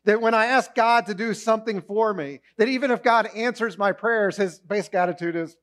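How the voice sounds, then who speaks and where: A male pastor preaching a sermon in a church, animated and acting out the voices he quotes. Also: high voice, brisk, hardly any pauses. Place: church auditorium, also streamed online.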